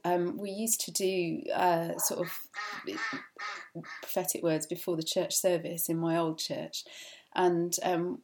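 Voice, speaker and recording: A woman with a slightly low voice gives an informal teaching talk at church. She speaks earnestly and casually, pausing often on "um" as she tells personal stories. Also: a little mellow. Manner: earnest, conversational, many filler ums.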